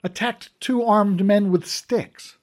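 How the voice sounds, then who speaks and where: A man voicing an easygoing, adventurous male companion with a calm, dry manner. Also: high-pitched, slow, pitched above the performer's own voice. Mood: scheming.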